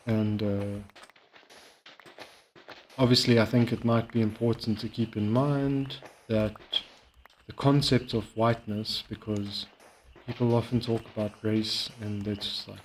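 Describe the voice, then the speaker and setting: Low-ish guy rambling with lots of ums while he plays a game, bit of noise behind. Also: little pitch movement. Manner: rambling, halting with many fillers. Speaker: streamer. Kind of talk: casual gaming commentary.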